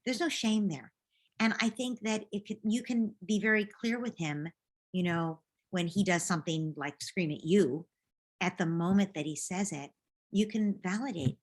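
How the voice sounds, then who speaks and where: A woman who is a parenting coach, giving gentle, reassuring advice in a live group question session over a video call. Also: medium pitch, moderate pace.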